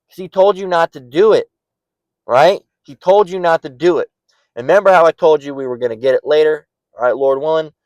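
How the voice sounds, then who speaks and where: A man's voice: on the high side, darkish tone. A man delivers informal scripture teaching in an emphatic, blunt way, mocking the views he argues against. He keeps checking in with his listeners as he goes. The sound is dry and close, with no room echo. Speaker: bible teacher. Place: near a parking lot.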